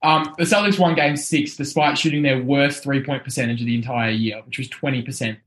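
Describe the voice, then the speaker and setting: Hoarse guy talking sports on a podcast, bright voice, still wired and rambling. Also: mid-range voice, brisk. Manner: excited, rambling, with restarts. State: hoarse from shouting. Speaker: podcast panelist. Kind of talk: casual sports podcast chat.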